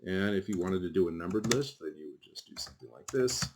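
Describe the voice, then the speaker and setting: A man's voice: low-pitched, expressive, fast talker, background noise. A man teaching a class while showing things on screen, talking casually and rambling, with frequent fillers and asides. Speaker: college instructor. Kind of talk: screen-recorded lecture.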